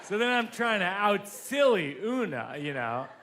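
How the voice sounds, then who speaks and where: Chatty self-deprecating stand-up comedian. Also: male voice, sits high, very animated, a little slow, a loud crowd. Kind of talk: stand-up storytelling. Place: theater stage before an audience. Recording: live stage, audience noise.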